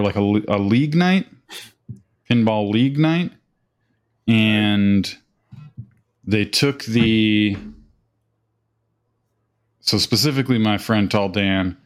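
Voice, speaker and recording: A man with a somewhat low voice tells a rambling, profane anecdote in relaxed podcast chat. He acts out the people in his story as he goes. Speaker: podcast host.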